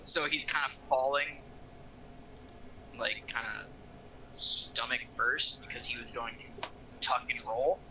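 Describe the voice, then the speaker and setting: A man playing a tabletop game, describing his character's moves in an animated, exclamatory way. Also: mid-range voice, takes it slowly, long pauses, slight background noise, low-quality recording. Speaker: player.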